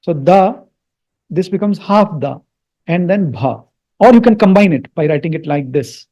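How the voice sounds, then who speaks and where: A man teaches the pronunciation and meaning of Sanskrit mantras, patiently repeating words and checking in with "Hmm?". His fairly high voice is animated and dark in tone, at a moderate pace.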